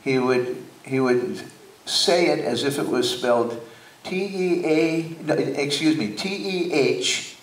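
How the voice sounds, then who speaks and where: An older man telling stories slowly on stage, with many hesitations. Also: medium pitch, recorded from a distance. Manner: slow, anecdotal, hesitant. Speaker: guest speaker. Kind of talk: on-stage conversation. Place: theater stage before an audience. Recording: roomy hall, mic from afar.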